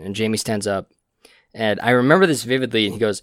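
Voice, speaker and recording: A man's voice: on the low side, quick pace, fairly bright tone, no echo. Young man, rambling storyteller, casual podcast chat, dry close mic. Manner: rambling storyteller, laughs at own stories. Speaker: podcast co-host.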